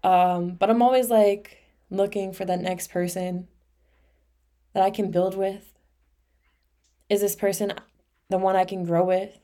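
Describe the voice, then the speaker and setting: A woman's voice: medium pitch, steady tone, a little slow, long pauses, warm tone. Candid young woman podcaster. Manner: candid and emotional, peppered with "like" and swearing. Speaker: podcast host. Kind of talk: casual confessional monologue.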